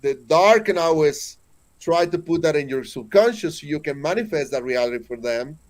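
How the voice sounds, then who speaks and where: A man's voice: on the high side, expressive, normal speed. Mexican-accented man, earnest storyteller. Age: 40s. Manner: emphatic, with frequent restarts. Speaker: guest.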